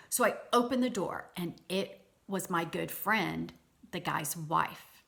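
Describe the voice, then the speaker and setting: A woman vlogger telling a personal story to her viewers in a chatty, animated way, with frequent restarts. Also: fairly low pitch, unhurried, creaky. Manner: addresses viewers directly.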